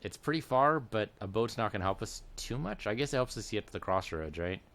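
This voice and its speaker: A man's voice: fairly low pitch, lively intonation, fairly quick, fairly bright tone. A man giving casual, rambling commentary while playing a video game, musing aloud as he goes. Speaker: let's play gamer.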